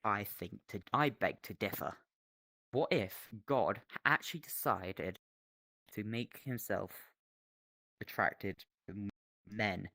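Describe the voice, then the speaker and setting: A man's voice: on the low side, slow, gravelly, no room sound. A young man rambling through an absurd mock lecture in a VR chat, on a headset mic. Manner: rambling, absurd, deadpan silliness.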